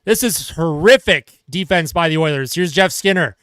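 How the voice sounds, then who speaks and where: A man doing live play-by-play as a fan of his team, calling the action quickly and growing exasperated and sarcastic at their mistakes. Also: a little high, lively intonation, fairly bright tone, clear, resonant tone, no echo, clean studio sound.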